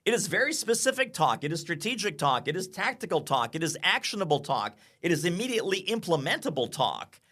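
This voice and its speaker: A man talking as a guest on an interview podcast, energetic and quick to act out what clients say. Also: high voice. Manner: energetic, acts out clients' lines in quoted voices. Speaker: sales consultant and author, podcast guest. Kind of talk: animated interview talk.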